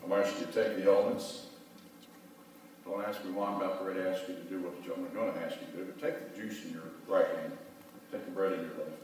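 A man's voice: sits low, fairly even intonation, fast. A middle-aged male pastor giving a sermon, telling a folksy story and leading call-and-response prayer. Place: church sanctuary. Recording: echoey hall, voice from far off.

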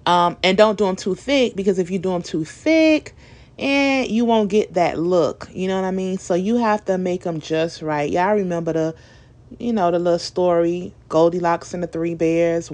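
A woman's voice: lowish voice, moderate pace, darkish tone. A young woman recording a casual, chatty voice-over for a home DIY tutorial, talking informally with many fillers. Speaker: DIY video creator.

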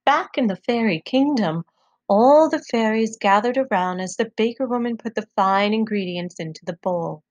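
A woman reading a folktale aloud to children, expressive and measured. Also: mid-range voice, dry recording, highs cut off. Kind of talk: children's storybook read-aloud.

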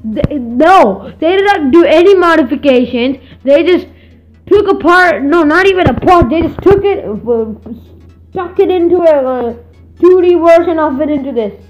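A woman's voice: high-pitched, expressive, moderate pace, muffled recording, faint music behind. A young woman with a put-on accent commenting on gameplay, stammering and exclaiming as she reacts. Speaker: gaming video host.

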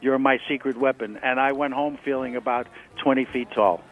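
A man's voice: mid-range voice, moderate pace, faint music behind. A man telling stories as the guest in a radio interview, speaking over a phone line and acting out the people he quotes. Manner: animated storyteller, acts out quotes. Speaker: guest drummer.

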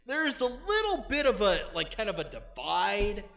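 A man with a high, lively voice, talking loosely as a convention panelist. His lines ramble and he laughs between thoughts. The sound rings with the long reverb of a large hall. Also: moderate pace, creaky. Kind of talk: casual panel discussion.

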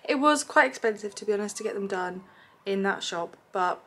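A woman's voice: mid-range voice, lively intonation, a little fast, fairly bright tone. A young woman chatting to camera in a casual vlog from a hotel room, bubbly and self-deprecating. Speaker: vlogger.

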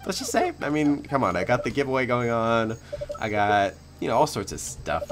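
A man's voice: medium pitch, a little slow, noisy background. Chatty young man, rambling gameplay talk. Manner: rambling, chatty, frequent fillers and small laughs; admits to a somewhat monotone delivery. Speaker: gaming channel host. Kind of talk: casual gameplay commentary.

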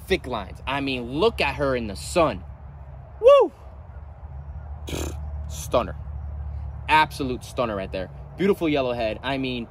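Excitable man gushing outdoors. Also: mid-range voice, a little hiss or hum. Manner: gushing, excitable, swings from loud delight to quiet sadness. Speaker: reptile breeder and channel host. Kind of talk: casual vlog talk to camera. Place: outdoors at an animal ranch.

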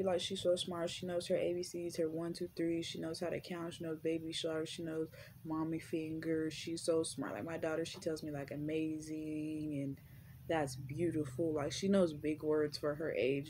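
A young woman chatting casually on her vlog, rambling with lots of fillers and relaxed slang. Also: sits low, slight background noise. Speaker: vlogger.

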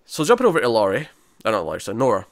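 Man, podcast co-host, low voice, rambling casual recap, dry sound. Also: wildly swooping pitch, racing, no room sound. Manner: rambling, chatty retelling with acted-out quotes.

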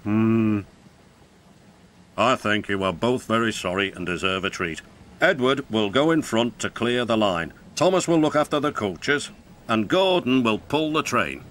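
A man's voice: on the low side, animated, unhurried, fairly bright tone, a little hiss or hum. A man with a British accent voicing a stern, formal male railway boss in a storybook tale. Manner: formal, commanding.

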